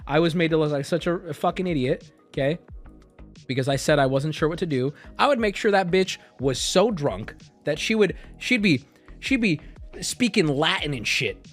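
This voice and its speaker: A man streaming, riffing in casual commentary with crude jokes, lurching between loud rants and low mutters. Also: lively intonation, moderate pace, soft background music.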